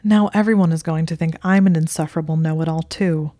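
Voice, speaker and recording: A woman's voice: sits low, steady tone, fast talker, dark tone, no room sound, studio quality, close to an everyday voice. A woman voicing a smug, needling young wizard man who smirks, rambles and waves things away, in a storybook reading. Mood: exasperated.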